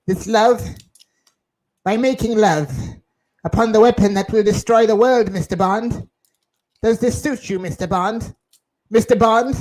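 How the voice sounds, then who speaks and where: A man playing a theatrical movie villain in a comedy bit, speaking in melodramatic, drawn-out lines. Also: sits high, darkish tone, poor audio. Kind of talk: comedy impression.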